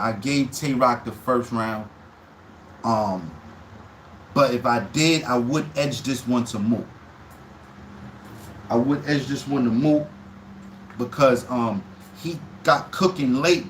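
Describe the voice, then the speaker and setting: A man breaking down a battle rap on a casual live stream, quoting lines in a raised, animated voice and talking in loose slang. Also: mid-range voice, a little hiss or hum.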